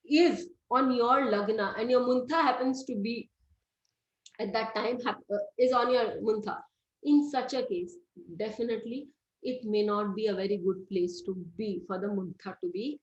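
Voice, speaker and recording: A middle-aged woman gives a classroom lecture, explaining step by step and quizzing her students. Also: fairly high pitch. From India. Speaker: astrology teacher. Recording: roomy, slightly dull recording.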